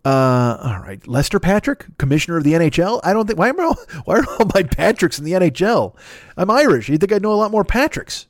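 Brief: man, 50s, host doing a profane, rambling comic rant, rapid, dry mic. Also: sits high, very animated, no echo. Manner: profane, rambling, self-interrupting. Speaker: podcast host. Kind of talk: comedic rant monologue.

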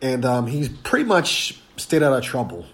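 A man's voice: mid-range voice, huge pitch swings, moderate pace. A man hosting a sports podcast, congested and nearly voiceless, talking casually with frequent ums and restarts. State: congested, losing his voice. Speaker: podcast host.

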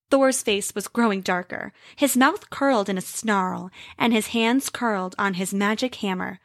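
Expressive woman storyteller. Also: medium pitch, unhurried, creaky, few pauses, no room sound, clean studio sound. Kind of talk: scripted narration.

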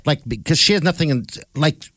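A man's voice: on the high side, lively intonation, fairly quick, pushed and bright, dry recording, studio quality. A man on a podcast, chatting casually, teasing his co-host and dropping in short agreements. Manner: teasing, gives lots of short agreeing interjections. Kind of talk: casual chat.

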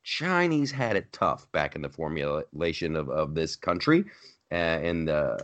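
A man's voice: very deep voice, lively intonation, a little slow, a bit bright. A man hosting a podcast, giving an opinionated monologue and repeating his lines for emphasis. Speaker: podcast host.

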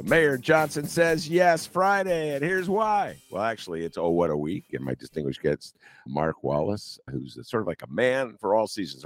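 An older man hosting a casual political talk show, joking and swooping into high teasing asides. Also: no echo, clean studio sound. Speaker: podcast host.

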